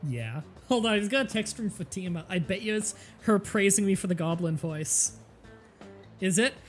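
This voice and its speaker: A brash woman streamer riffing on a game with loud, crude, laughing banter. Her voice sits mid-range for a woman, with faint game music playing under her talk. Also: mid-range voice, expressive, normal speed. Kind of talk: casual gameplay commentary.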